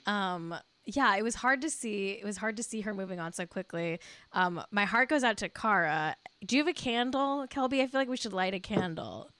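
A woman's voice: medium pitch, expressive, moderate pace, a bit bright, no echo. Dry-sounding woman gossiping playfully. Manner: playful, mock-solemn, laughing. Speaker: podcast co-host. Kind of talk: casual celebrity gossip chat.

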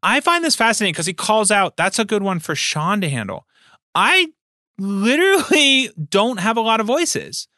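A man co-hosting a casual chat about running tabletop games, animated and laughing often. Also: high-pitched, normal speed, dry recording, clean studio sound. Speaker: podcast co-host and game master.

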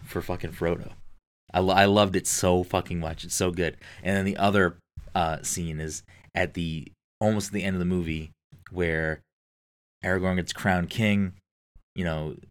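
A man's voice: sits low, clear, resonant tone. A man chatting casually and enthusiastically, swearing often and using lots of fillers. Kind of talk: casual podcast chat.

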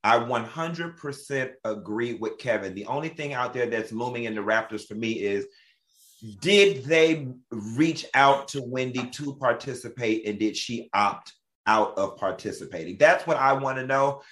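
Animated man telling stories. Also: mid-range voice, normal speed. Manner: animated storyteller, laughs often. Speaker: co-host. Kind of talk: casual chat.

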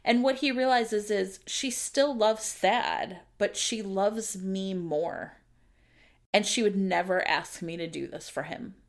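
A woman's voice: medium pitch, takes it slowly, vocal fry. Woman cohost, mid voice, opinionated and emphatic, swears a lot. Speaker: podcast co-host. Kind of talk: casual chat about a book.

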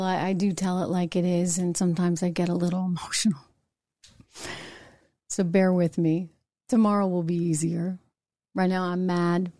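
Indignant woman commentary host, mellow voice. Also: fairly low pitch, no room sound, clean studio sound. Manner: emotional, indignant, reading viewer comments. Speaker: talk show host. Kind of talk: political commentary show.

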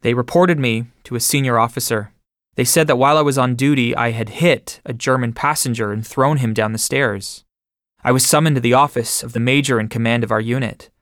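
A man reading a first-person memoir aloud in a measured way. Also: medium pitch, fairly bright tone, dry recording, studio quality. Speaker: audiobook narrator.

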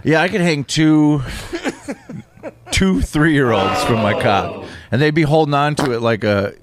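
A man, a comedian guest on a podcast, bantering in a crude, deadpan, matter-of-fact way. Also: on the high side, unhurried, a crowd in the background.

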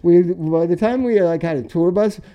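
A middle-aged man hosting a casual chat, telling loud, profane, animated road stories. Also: high-pitched, normal speed, lo-fi sound. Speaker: podcast co-host.

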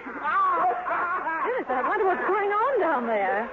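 A woman's voice: extremely high pitch, sing-song, slow, narrow, tinny audio, heavily acted. An actress playing a poised, self-assured woman in a 1940s radio play, teasing in a dry way, on a scratchy old broadcast. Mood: wry. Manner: dry, gently teasing delivery. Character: poised, sure-of-herself career woman, teasing.

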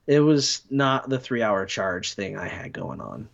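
A man's voice: fairly low pitch, sing-song, a little slow, creaky, highs cut off. A man telling rambling, self-deprecating stories in a casual podcast chat. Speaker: podcast guest.

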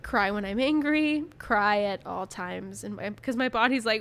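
A woman's voice: medium pitch, moderate pace, few pauses, fairly bright tone. A young woman co-hosting a casual podcast, chatty and laughing as she shares personal stories. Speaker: podcast co-host.

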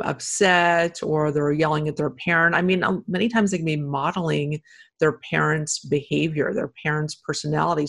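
A woman hosting a podcast, agreeing warmly and asking follow-up questions. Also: low-pitched, creaky. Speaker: podcast host. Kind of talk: interview conversation.

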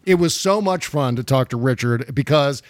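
A man's voice: medium pitch, lively intonation, normal speed, no echo. A man hosting a podcast in casual chat, rambling and laughing often. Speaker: podcast host.

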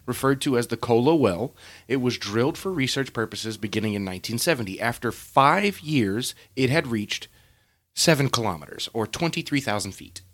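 A man's voice: medium pitch, a bit bright. A man co-hosting a podcast in casual chat, talkative and given to swearing. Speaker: podcast co-host.

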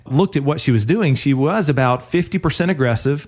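Man, financial advisor, radio host, casual storytelling, slightly high voice. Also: expressive, brisk. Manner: friendly storytelling, laughs easily. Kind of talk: casual radio talk show chat.

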